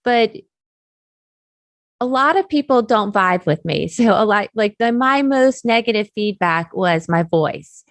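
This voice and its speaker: A woman with a Southern US accent, a guest chatting in an interview, talking faster with lots of "you know" fillers as she gets excited. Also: mid-range voice, dry recording. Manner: chatty, speeds up when excited, many fillers. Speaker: guest, technical curriculum developer. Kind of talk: casual interview talk.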